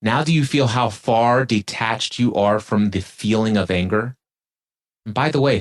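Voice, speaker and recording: A man's voice: on the low side, measured pace. A man on a podcast, talking reflectively about spiritual awareness and leading the listener through spoken exercises. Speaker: podcast guest. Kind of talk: casual spiritual conversation.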